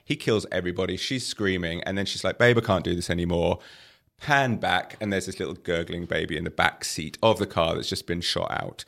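A man's voice: low-pitched, a little fast, vocal fry, few pauses, bright, forceful tone. A man reviewing a film on a casual podcast, telling the plot in a wry, sarcastic way with punchlines. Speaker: arts editor reviewing films.

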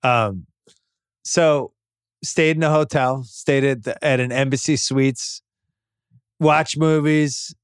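A man in his fifties hosting a podcast, telling relaxed, rambling anecdotes in casual chat. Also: mid-range voice, slow, long pauses, clean tone, no room sound, clean studio sound. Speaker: podcast host.

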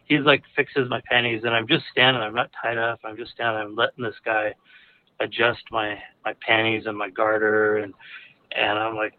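A man's voice: fairly low pitch, level tone, normal speed. A man casually telling a personal story, rambling with lots of fillers and restarts. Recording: narrow phone-like audio.

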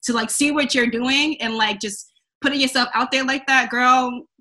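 A young adult woman, a comedian guest on a podcast, telling stories in a casual, animated way, acting out quotes and laughing often. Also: high voice, moderate pace. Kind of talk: casual chat.

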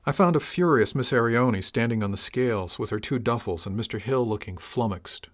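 A man narrating a story in the first person in an audiobook, with a dry, measured, gently wry delivery. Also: fairly low pitch.

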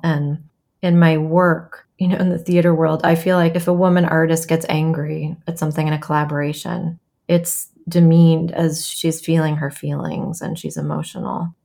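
A woman's voice: sits low, vocal fry, warm tone. A woman playwright in an interview, speaking thoughtfully and acting out quoted voices with animation. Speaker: playwright and memoir author, guest. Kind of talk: reflective interview conversation.

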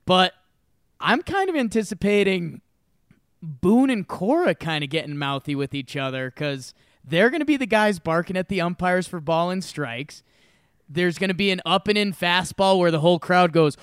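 A young man co-hosting a sports talk show, telling animated stories in casual chat and swearing freely. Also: high-pitched, moderate pace, clean tone, no echo, studio quality. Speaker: sports podcast co-host.

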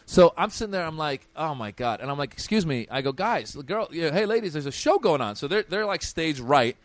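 A man telling a comedy story in casual chat, animated, swearing and acting out quotes loudly. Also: a little high, fairly quick, no echo. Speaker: comedian podcast host.

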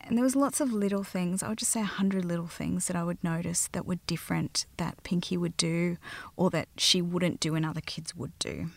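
Aussie mum telling her story, soft and halting, almost whispering, bit of vocal fry. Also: lowish voice, no room sound. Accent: Australian. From Australia. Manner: soft, halting, often drops to a near whisper. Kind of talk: personal storytelling interview.

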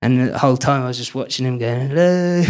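A man's voice: mid-range voice, level tone, brisk, a little mellow. A man telling stories on stage as a filmmaker guest at a live event, rambling loosely and laughing often.

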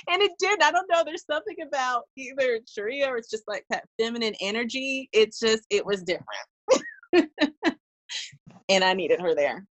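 A young woman telling her birth story in a casual conversation, animated and laughing, acting out her own past lines. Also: fairly high pitch, normal speed, pauses often.

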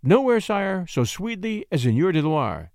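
A man's voice: high-pitched, big pitch swings, normal speed, a little mellow, dry recording, studio quality, voice pushed up. A man voicing an earnest young shepherd poet who speaks with respectful ardor.

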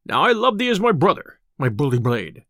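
A man's voice: fairly high pitch, sing-song, a little fast, no echo, studio quality, heavily acted. A man reading aloud, voicing a boisterous, boastful male tinker in an audiobook tale. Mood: hearty. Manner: loud, boastful old-style speech.

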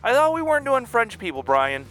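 A man's voice: extremely high pitch, big pitch swings, a little fast, a bit bright, soft background music. A man co-hosting a podcast, joking around and playing confused in a rambling way. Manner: jokey, rambling, mock-confused. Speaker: podcast co-host. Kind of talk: casual chat.

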